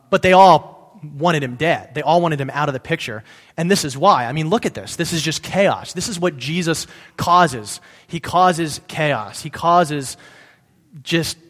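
A pastor giving a casual sermon, reading scripture aloud and breaking off to explain it in a conversational way, sometimes correcting himself. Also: male voice, on the high side, a bit bright. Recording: long reverb in a hall.

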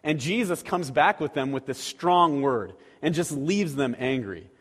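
Higher-voiced pastor preaching in a hall. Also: male voice, animated, unhurried, breathy edge. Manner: conversational, asks the audience rhetorical questions; acts out quoted voices animatedly. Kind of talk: sermon. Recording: long reverb of a large hall.

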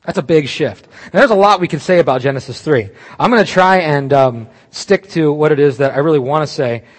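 A man preaching a sermon, animated and emphatic, breaking off into asides and restarts. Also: on the high side, fairly quick, in a large hall. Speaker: pastor.

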